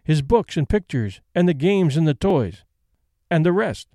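A man voicing a plain, restrained middle-aged female companion who speaks in a flat, dutiful way. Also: fairly high pitch, measured pace, no echo, studio quality.

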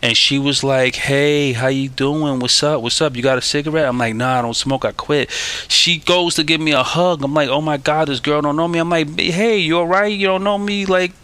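A man hosting a recovery podcast, telling a story in a casual, animated way and acting out the dialogue with streetwise slang. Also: a little high, normal speed, clear, resonant tone. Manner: animated, acts out quoted dialogue; streetwise slang, says "yo" and "y'all". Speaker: podcast host. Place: New York City.

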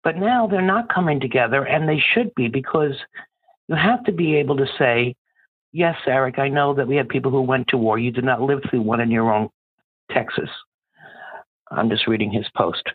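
A man's voice: medium pitch, moderate pace, slightly rough, no room sound. A man calling in to a political talk show, delivering an impassioned rant. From Ireland. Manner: impassioned, ranting. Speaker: caller. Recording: phone-line call.

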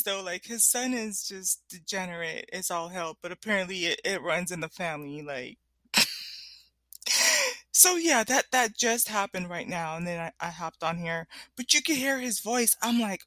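Female vlogger, casual rambling chat, animated and giggly, dry recording. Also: lowish voice, moderate pace, no room sound.

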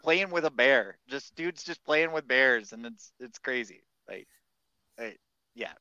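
A man's voice: mid-range voice, expressive, unhurried, sharp tone, clean tone. A man in casual podcast chat, talking in a meandering, hesitant way. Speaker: podcast co-host or guest. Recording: dull, dry lo-fi mic.

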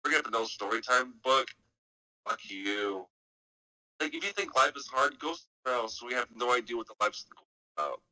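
Profane ranting man, sharp bright voice. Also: mid-range voice, moderate pace, no echo. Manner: profane, heated, sarcastic ranting. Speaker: podcast co-host. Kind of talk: casual podcast rant. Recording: dry, distant mic.

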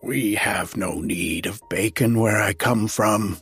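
A man's voice: fairly low pitch, lively intonation, slow pace, fairly bright tone, husky, faint music behind, heavily acted. A man voicing a cold, harsh old female fairy who speaks with contempt in a storybook reading. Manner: contemptuous, merciless.

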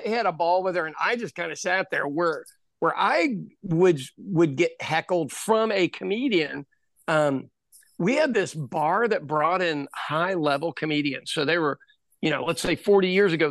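Animated storytelling ex-comic, dry sound. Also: male voice, on the high side, dry recording. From Oklahoma. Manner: animated storyteller, swearing, quick asides. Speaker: podcast host, former stand-up comic. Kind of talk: casual storytelling chat.

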